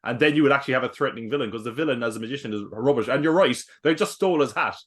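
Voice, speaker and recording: Mid-pitched man, schoolteacher co-host, critical reviewer. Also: very fast. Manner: critical, picks apart the plot. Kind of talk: casual movie review chat.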